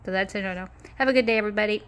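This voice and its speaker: Talking very fast in a smooth, mid-range, slightly bright voice, a woman vlogs outdoors in an apartment courtyard. Her chat is casual and meandering, with frequent small laughs.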